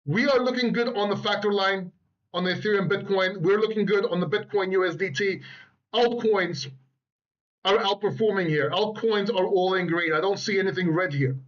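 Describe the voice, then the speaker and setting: A man with a high-sitting, somewhat bright voice speaks at normal speed, recorded through a laptop microphone with a muffled sound. Hosting a crypto channel from a beach house, he gives rambling, boastful market commentary over charts, with joking asides.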